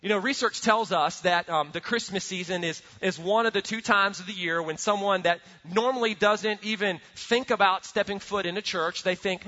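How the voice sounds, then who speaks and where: A man with a high, bright voice preaches earnestly in a large church hall, his words trailing off into a long echo. He tells stories with animation and repeats himself as he builds each point. The recording sounds somewhat muffled. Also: normal speed. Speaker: pastor. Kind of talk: sermon.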